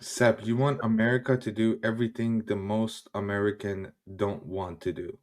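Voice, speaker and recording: A man's voice: lowish voice, little pitch movement, normal speed, darkish tone. Male streamer, angry chat replies, blunt and profane, talking from his kitchen. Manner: heated, swearing, switches between English and German. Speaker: livestream host. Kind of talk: casual livestream commentary reading chat. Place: home kitchen.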